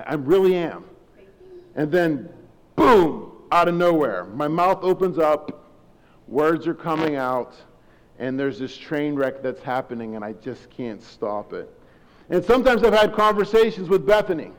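Man, middle-aged, lay preacher, conversational and self-deprecating, somewhat high voice, echoing church hall. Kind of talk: informal sermon. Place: church sanctuary. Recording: long hall reverb.

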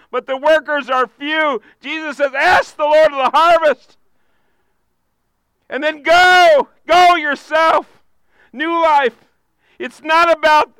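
A man preaching a sermon with passion, using repeated phrases and sudden shouted bursts. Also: very high voice, dry recording, rough recording. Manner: impassioned preaching, repetitive cadences, bursts of shouting. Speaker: pastor.

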